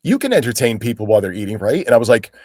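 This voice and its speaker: A man's voice: fairly low pitch, rapid-fire, breathy edge, no echo, clean studio sound. A man in his forties from Pennsylvania, an actor telling stories as a guest in a casual, chatty way, filling his talk with "like". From Pennsylvania, United States. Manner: animated, chatty, full of "like" fillers, acts out quoted people. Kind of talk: casual storytelling in an interview.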